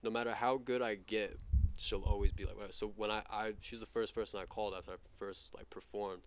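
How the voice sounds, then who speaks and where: A young man from New York, a guest in a casual interview, telling stories quickly with lots of fillers and swearing. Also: on the low side, little pitch movement, slight background noise. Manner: rapid, profane, filler-heavy storytelling. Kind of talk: casual chat.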